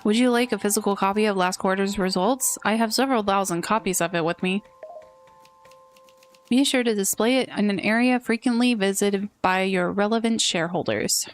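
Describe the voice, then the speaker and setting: A woman's voice: medium pitch, moderate pace, close to an everyday voice. Woman doing a stiff robotic businessman guy, super formal, game music under it. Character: formal stiff businessman Jerry, adult male.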